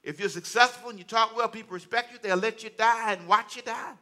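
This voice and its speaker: A man's voice: high-pitched, brisk, bright, forceful tone. A male pastor preaching a sermon in church to a congregation, with folksy, repetitive phrasing and call-and-response.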